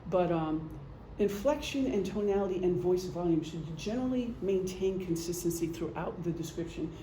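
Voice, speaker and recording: Middle-aged woman presenter, warm dark tone, joking and chatty, recorded in an echoey room. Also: lowish voice, animated, moderate pace, a little hiss or hum. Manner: chatty, joking, acts out gestures. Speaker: presenter, retired police officer and veteran. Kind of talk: casual lecture.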